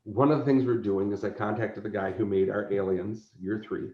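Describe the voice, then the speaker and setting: A convention organizer, interviewed on a casual podcast, talks a little fast in a lowish voice while animatedly acting out characters in his stories. The room can be heard in the slightly dull recording.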